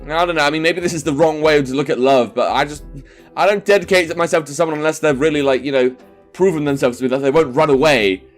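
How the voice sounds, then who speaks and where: A man's voice: a little high, fast talker. A man hosting a let's play, chatting and laughing as he reads a dating game aloud, with rambling asides. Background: faint game music.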